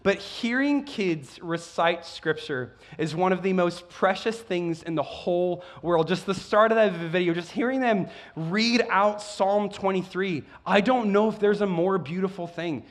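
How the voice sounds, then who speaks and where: Excitable high-voiced pastor. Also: male voice, a little slow, hardly any pauses. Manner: excitable, with frequent stumbles and restarts. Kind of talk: sermon.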